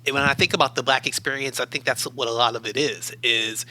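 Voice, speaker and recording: An academic adviser from Baltimore, USA, appears as an interview guest, telling reflective stories calmly and steadily. His middle-pitched voice is strikingly bright and sharp-edged, and he speaks in a measured, thoughtful way. The recording is rough.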